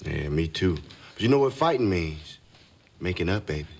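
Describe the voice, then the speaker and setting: A man's voice: sits low, normal speed, breathy edge, heavily acted. An actor playing a cocky, affectionate handyman who teases playfully in a sitcom. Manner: teasing, playful, expressive. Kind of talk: 1990s sitcom acting.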